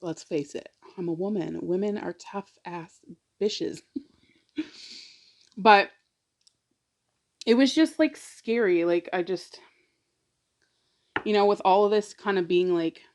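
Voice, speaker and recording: A woman's voice: medium pitch, slow, pauses often, a little mellow. A woman vlogger telling a personal story in a casual, rambling way, full of "like" and emotional asides. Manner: rambling, fills talk with "like"; emotional, confiding. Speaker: mukbang vlogger.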